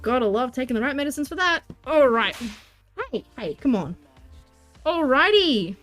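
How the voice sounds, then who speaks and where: A woman livestreaming as she crafts, chatting casually and greeting viewers with excitement. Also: high-pitched, normal speed, faint music behind. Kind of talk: casual live-stream chat while crafting.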